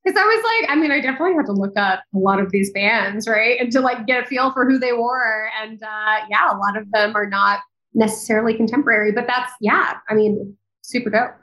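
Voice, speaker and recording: A woman's voice: a little high, a little fast, bright, forceful tone, rough recording. A woman with a New York accent, a voice actor talking as a guest in a casual interview, easygoing and reflective with lots of "like" and "you know".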